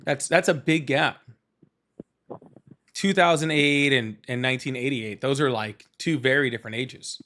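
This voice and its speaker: A man hosting a live call-in show, firing off quick teasing questions at a caller. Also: medium pitch, a bit bright. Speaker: show host.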